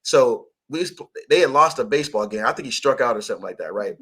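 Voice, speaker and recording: Blunt laughing man, bright voice. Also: medium pitch, expressive, quick pace, breathy edge. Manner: blunt, profane, laughs often. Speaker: religious teacher hosting a radio show. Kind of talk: scripture teaching in casual talk.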